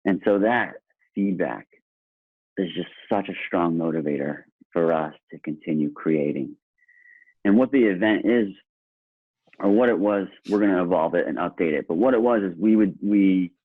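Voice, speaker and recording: In a casual podcast conversation, a male guest tells stories with earnest enthusiasm. His voice sits low with a breathy edge and a normal speed, free of echo but coming through with a tinny, phone-line quality.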